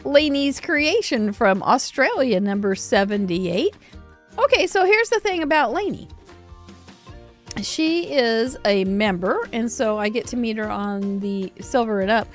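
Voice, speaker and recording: A woman's voice: on the high side, expressive, unhurried, faint music behind. A woman hosting a live cardmaking show, chatting casually and rambling with frequent giggles and restarts. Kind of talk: casual livestream chat.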